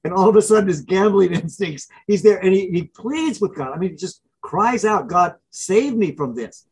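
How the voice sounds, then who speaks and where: A man who is an author and professor, answering interview questions as an animated storyteller who acts out film scenes. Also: sits high, a little fast, husky, poor audio. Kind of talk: interview guest.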